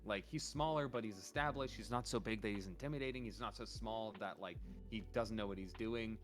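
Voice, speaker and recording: Low-voiced man giving earnest advice. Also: fairly quick, soft background music. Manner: earnest advice, loose and rambling with fillers. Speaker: guest, VTuber. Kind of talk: casual interview chat.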